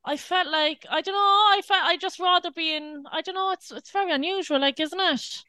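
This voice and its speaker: High-voiced Irish woman, dry close sound. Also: brisk, bright, forceful tone, no room sound. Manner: frank and loose, swears casually. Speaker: podcast co-host. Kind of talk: casual chat.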